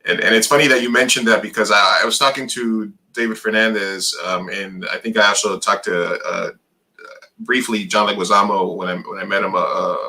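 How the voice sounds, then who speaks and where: A man's voice: lowish voice, sharp tone, low-quality recording. A man hosting a casual interview, asking questions in a thoughtful, reflective way. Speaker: interview host.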